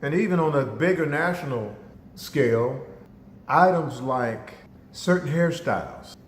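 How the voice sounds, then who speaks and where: A man's voice: fairly high pitch, expressive, a little slow, a little hiss or hum. A man giving a motivational talk, speaking emphatically and addressing listeners directly, with stories woven in. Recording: echoey hall reverb.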